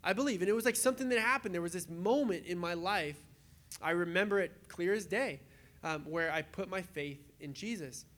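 High-voiced man preaching a casual sermon. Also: moderate pace. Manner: animated, acts out quoted voices, chatty asides. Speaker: pastor.

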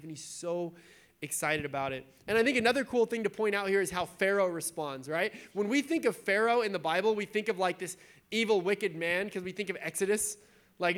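A man's voice: high-pitched, brisk. A man preaching a sermon in a church, reading scripture and then explaining it in a casual, conversational way.

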